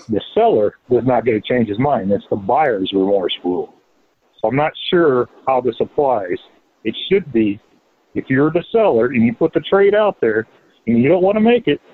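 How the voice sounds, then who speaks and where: Man, annoyed rant, recorded message, tinny phone-line sound. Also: mid-range voice. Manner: irritated, ranting. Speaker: league member sending an audio message. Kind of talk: recorded complaint.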